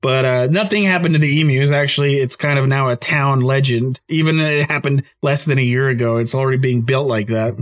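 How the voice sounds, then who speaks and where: A man's voice: mid-range voice, steady tone, brisk, hardly any pauses. A man hosting a podcast, telling a story in a casual, rambling way and laughing often. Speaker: podcast host.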